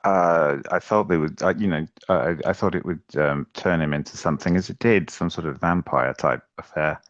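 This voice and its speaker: Man, very deep voice, halting replies, dull dry sound. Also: no echo. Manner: hesitant, halting answers. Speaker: podcast co-host, first-time viewer. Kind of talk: casual chat.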